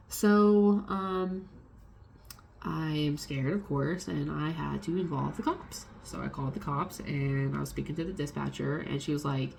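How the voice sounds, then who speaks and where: Gravelly-voiced woman telling a story. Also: sits low, unhurried, slight background noise. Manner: animated, swears freely, acts out quoted people. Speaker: vlogger telling a personal story. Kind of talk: casual storytelling vlog.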